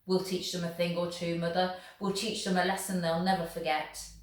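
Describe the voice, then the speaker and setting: A woman reading aloud, voicing a boastful middle-aged farmer father shouting excitedly. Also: on the low side, fairly quick, far from the mic, lightly acted. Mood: rousing. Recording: echoey room, voice off the mic.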